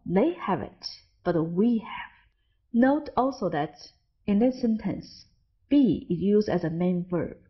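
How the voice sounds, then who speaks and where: A woman reads a scripted English lesson slowly and deliberately, setting each listed word apart. Her pitch sits in a middle range. The recording sounds dull and lo-fi. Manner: slow, deliberate reading of word lists. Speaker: English teacher. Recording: dull lo-fi audio.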